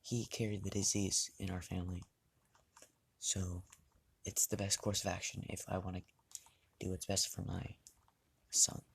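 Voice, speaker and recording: A man voicing an anxious, protective mother of a teenage boy in a read-aloud fan story, pleading and halting with restarts. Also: sits low, flat delivery, creaky, slightly rough, full character voice. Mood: worried.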